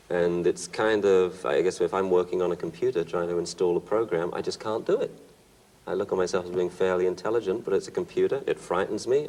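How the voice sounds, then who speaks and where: Really low-voiced guy, calm, reflective, interview chat about dogs. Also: poor audio. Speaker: dog trainer.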